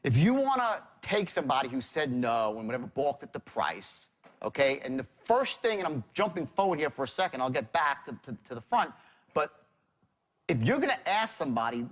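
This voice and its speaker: Brief: middle-aged male sales trainer, lively seminar delivery with a voice that swings widely. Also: medium pitch, moderate pace. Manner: animated, acts out sales calls in shifting tones.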